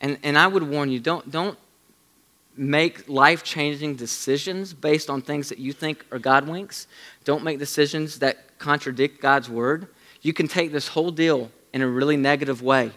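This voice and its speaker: A man preaching a sermon, telling a story in an animated way and dropping to a hush for emphasis. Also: a little high, moderate pace. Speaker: pastor.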